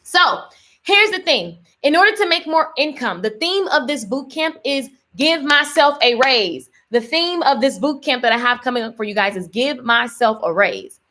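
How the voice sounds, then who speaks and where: This business coach has a high voice and a moderate pace. She's live streaming with energy and emphasis, echoing her key lines and reading out comments from viewers.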